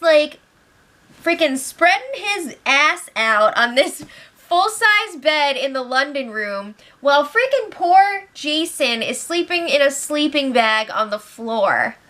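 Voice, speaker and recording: A young woman recaps from home in a casual, gossipy way, quick to laugh. Her voice sits a touch high and sounds bright and forward. She keeps slipping into animated impressions of the people she quotes. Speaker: reality show recap host. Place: home, with pets nearby.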